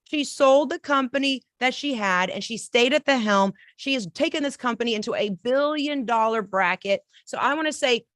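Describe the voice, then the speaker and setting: A woman's voice: a little high, normal speed, hardly any pauses, fairly bright tone, no room sound. A woman hosting a live podcast chat as a coach, talking in enthusiastic, effusive bursts. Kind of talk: casual live-stream chat.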